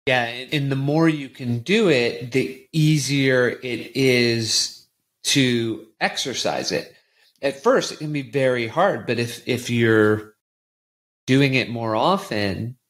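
A man hosting a podcast interview, earnest and halting, often restarting his sentences. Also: medium pitch, fairly bright tone. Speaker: podcast host. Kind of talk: conversational interview.

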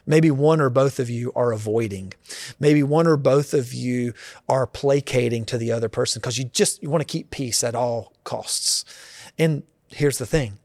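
A man's voice: mid-range voice, darkish tone, dry recording. A man in his forties, a pastor, answering interview questions in a reflective, earnest way, thinking aloud.

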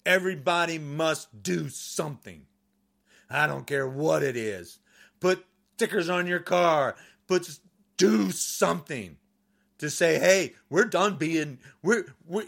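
Angry male ranter: high, gravelly, bright voice, slow and emphatic. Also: expressive. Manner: furious, repetitive, shouting insults. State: agitated. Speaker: podcaster. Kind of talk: angry political rant.

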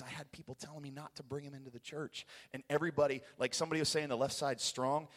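A man from the United States giving an excitable, rambling sermon testimony in a church, laughing often and getting passionate. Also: on the high side, quick pace, few pauses. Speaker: guest preacher giving a testimony. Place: church sanctuary. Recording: long echoey hall reverb.

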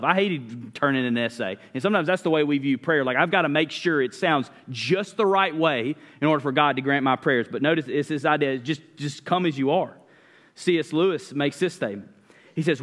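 A man's voice: medium pitch, a bit bright. A man preaching a sermon as pastor, earnest and conversational, often restarting his sentences. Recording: long reverb of a church hall.

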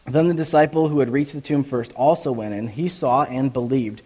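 A man's voice: mid-range voice, a little fast, hardly any pauses, dark tone, breathy edge. A man preaching a conversational sermon as a pastor, reading scripture and acting out the voices in quoted dialogue. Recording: long echo of a large hall.

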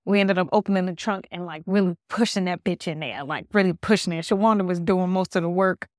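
A woman's voice: on the low side, a little fast, a little mellow, no echo, studio quality. A woman hosting a solo podcast from her new apartment, telling a story in a loose, rambling way, with lots of "like". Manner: rambling storytelling, heavy use of "like". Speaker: podcast host. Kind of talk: casual solo podcast chat.

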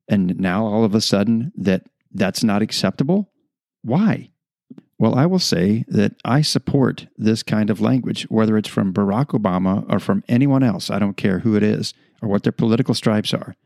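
Male podcast host, low and gravelly, with an earnest, deliberate delivery that leans on rhetorical questions. Dry, close sound. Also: mellow, dry recording. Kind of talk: opinion podcast monologue.

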